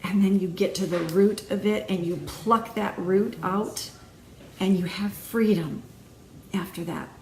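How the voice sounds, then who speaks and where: A woman's voice: mid-range voice, fairly even intonation, measured pace. A woman hosting her own video, giving an earnest, emphatic faith talk with many repeated phrases. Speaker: video host. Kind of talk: encouraging faith talk to camera. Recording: echoey room, faint noise.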